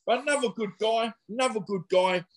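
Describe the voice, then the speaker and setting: Chatty ex-boxer telling fight stories. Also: male voice, sits high, brisk. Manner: chatty, rambling, laddish slang with frequent fillers. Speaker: former boxer, interview guest. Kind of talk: casual storytelling interview.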